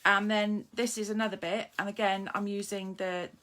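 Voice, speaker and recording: A woman's voice: mid-range voice, level tone, normal speed, fairly bright tone. Chatty woman demonstrating card-making live. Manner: chatty and self-mocking, greets viewers while working. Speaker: papercraft demonstrator.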